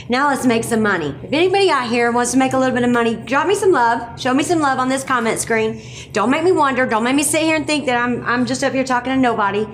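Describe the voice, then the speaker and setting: A woman with a fairly high voice gives a live online presentation, upbeat and direct with her viewers. A faint hiss sits under her voice. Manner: upbeat, coaxing, direct with the audience.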